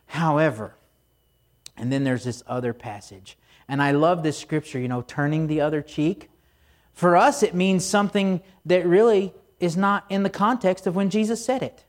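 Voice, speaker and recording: Conversational preacher with a slightly high voice. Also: male voice. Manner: casual, storytelling delivery with asides. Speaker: pastor. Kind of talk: conversational sermon.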